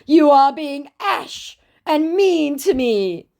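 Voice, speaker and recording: A woman's voice: high voice, animated, slow, vocal fry, a little mellow, voice pushed up, heavily acted. A woman voicing a whiny teenage male scammer who drags out his guilt-tripping words. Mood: sulky. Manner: sulky, guilt-tripping, drawn out.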